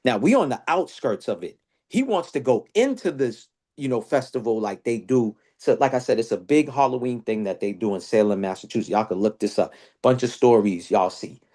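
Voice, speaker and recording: A man telling a story in casual podcast chat. His voice sits at a middle pitch, and it leaps up when he quotes others. He talks loose, slangy and animated. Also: brisk. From Boston area. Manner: animated storyteller, slang-heavy, jumps high when quoting people. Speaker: podcast host.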